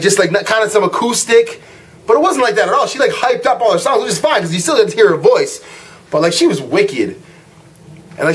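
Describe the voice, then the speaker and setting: A young man with a high voice rants about a night out for his vlog audience. He tells it in a lively, loose way, acting out quotes and tripping over his words with fillers and restarts. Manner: animated storytelling, acts out quotes, frequent "like" and restarts. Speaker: vlog host. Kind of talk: casual rant to camera.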